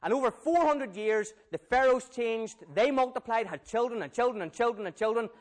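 Animated preacher, high voice. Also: male voice, brisk. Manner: animated, questions the audience. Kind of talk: Bible storytelling sermon.

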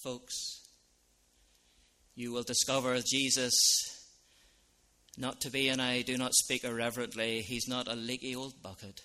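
A man preaching an evangelistic sermon as a minister, earnest, dropping to soft lines and rising to loud ones. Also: medium pitch, level tone, moderate pace.

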